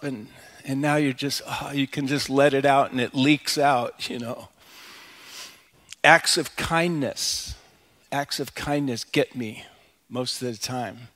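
A man's voice: a little high, a bit bright. A middle-aged man preaching a sermon as a pastor, in a conversational, personal way with frequent "you know" asides. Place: church sanctuary.

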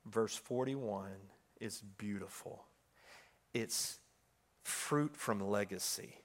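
A man, talking through scripture in an emphatic, folksy, excitable way. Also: lowish voice, extremely slow. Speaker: preacher. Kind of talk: animated scripture talk.

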